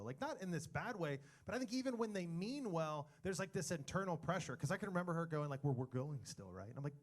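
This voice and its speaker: Animated man telling his side of the story. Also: a little high, fast, few pauses. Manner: animated storyteller acting out texts and replies. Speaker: interview guest, husband sharing his story. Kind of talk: candid conversational testimony.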